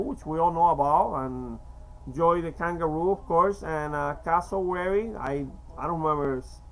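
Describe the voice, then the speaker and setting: A man in his fifties from Cuba with a slight Cuban Spanish accent, talking in a rambling, halting way with many fillers and restarts. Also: a little high, slight background noise, low-quality recording. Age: 50s. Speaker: vlogger. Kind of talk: rambling casual monologue.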